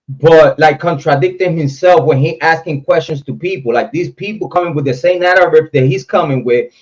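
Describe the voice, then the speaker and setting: Ranting man on a livestream. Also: a little high. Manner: talks straight to chat, reads comments, ranting. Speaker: livestream host. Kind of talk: casual livestream commentary. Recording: dull lo-fi stream audio.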